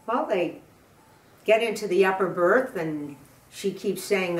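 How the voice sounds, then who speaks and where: An older woman telling jokes in a chatty, halting way, laughing at her own punchlines. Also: medium pitch. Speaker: guest storyteller. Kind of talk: telling jokes in casual chat. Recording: roomy sound from a distant mic.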